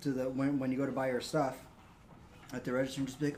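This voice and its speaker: A man's voice: mid-range voice, level tone, fast talker, a little mellow, a little hiss or hum. A man hosting a crude casual podcast, rambling through stories and swearing freely.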